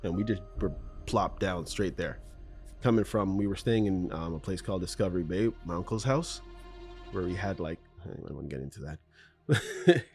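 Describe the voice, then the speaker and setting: A man's voice: deep voice, animated, moderate pace, darkish tone, faint music behind. A middle-aged Canadian man hosting a solo podcast, telling personal stories in a rambling, self-correcting way with ums and laughs. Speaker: podcast host. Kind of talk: unscripted solo podcast monologue.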